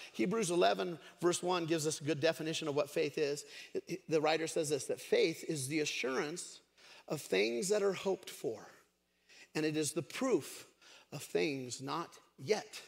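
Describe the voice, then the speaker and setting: Gravelly-voiced pastor preaching in a hall. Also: male voice, a little high, measured pace. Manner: conversational storytelling, many fillers. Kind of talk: sermon. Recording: echoey hall.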